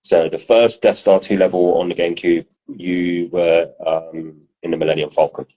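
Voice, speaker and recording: A man co-hosting a podcast, telling stories in a casual, animated way and swearing freely. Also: sits low, moderate pace, lo-fi sound. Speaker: podcast co-host. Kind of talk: casual chat.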